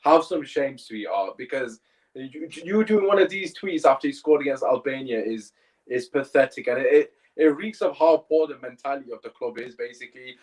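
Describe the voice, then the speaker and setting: A man's voice: medium pitch, expressive, normal speed, a little mellow, low-quality recording. A young man hosting a podcast, talking bluntly with jokes and slang. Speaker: podcast host. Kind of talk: casual podcast chat.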